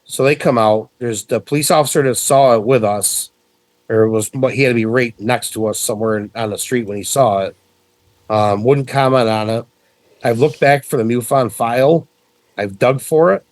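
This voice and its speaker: A middle-aged man from central New York, telling a story as a podcast guest in a casual, animated way with frequent swearing. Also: medium pitch, moderate pace, no echo.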